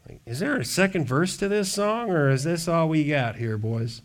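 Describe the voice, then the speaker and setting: A man preaching a sermon, reading scripture aloud and breaking off into joking asides, swinging from hushed to loud. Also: on the high side, lively intonation, normal speed. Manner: reads scripture then riffs with humor and asides. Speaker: pastor.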